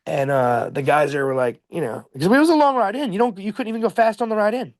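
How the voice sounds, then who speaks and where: A man's voice: high-pitched, animated, fast, no room sound. A man telling a fishing story in a casual, rambling, slangy way.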